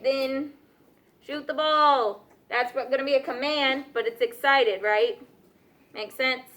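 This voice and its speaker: High-voiced teacher woman. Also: bright, forceful tone. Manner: patient, checks understanding with frequent "okay?" and "right?". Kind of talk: classroom lesson. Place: classroom.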